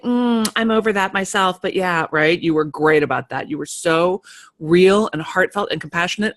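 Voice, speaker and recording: A woman with a low voice gives an energetic, emphatic live pep talk to creative people gathered online, driving home key phrases by repeating them.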